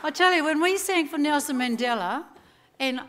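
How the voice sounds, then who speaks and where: A woman's voice: high-pitched, normal speed, a little hiss or hum. A woman with a New Zealand accent giving a chatty acceptance speech, full of anecdotes and quoted voices. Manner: chatty, animated storytelling with laughs and quoted voices. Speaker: award-winning singer giving acceptance speech.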